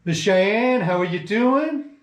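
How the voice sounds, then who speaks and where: Playful higher-voiced man in a roomy studio. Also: animated. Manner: playful, joking, quick to laugh. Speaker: radio co-host. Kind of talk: casual radio banter. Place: radio studio.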